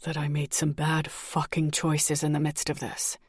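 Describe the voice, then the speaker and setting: A woman voicing a guarded, blunt young man with a low, gruff delivery. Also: monotone, moderate pace, no room sound, studio quality.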